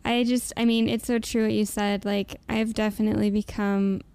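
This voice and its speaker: Woman, podcast host, affirming, smooth, dry close sound. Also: mid-range voice, level tone, normal speed, no echo. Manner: warm, affirming interviewer. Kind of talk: casual interview.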